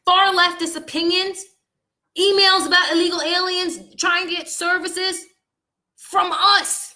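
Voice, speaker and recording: A woman with a high, bright voice vents to her viewers in a casual vlog monologue. She is upset and angry, and her delivery swings between loud outbursts and quiet, low asides. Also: steady tone, measured pace. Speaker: vlogger.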